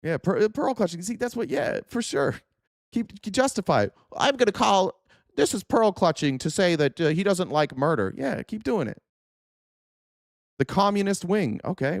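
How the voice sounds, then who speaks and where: An angry man hosts a political live stream, cursing freely and firing questions back at his chat. His voice sits fairly high, and his sarcastic mock quotes land hard. The sound is close and dry, with no room around it. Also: gravelly, dry recording. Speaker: political talk show host.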